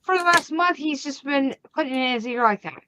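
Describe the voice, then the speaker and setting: A woman hosting a crafting channel, chatting casually and acting out the family arguments in her story with lively energy. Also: sits high, a little fast, background noise. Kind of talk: casual chat.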